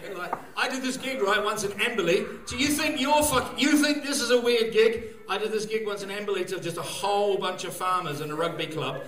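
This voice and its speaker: High-voiced rambling New Zealand comedian. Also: male voice, a little fast, hardly any pauses, echoey room, far from the mic. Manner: rambling, loose delivery with frequent fillers and bursts of shouting. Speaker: stand-up comedian. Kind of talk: stand-up comedy set. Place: live venue stage.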